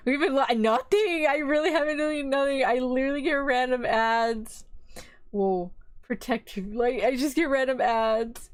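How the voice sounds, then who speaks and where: A woman's voice: a little high, dry recording. A young adult woman streaming, chatting casually and rambling as she retells scenes, slipping into quoted voices. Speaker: vtuber streamer. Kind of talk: casual stream chat about anime.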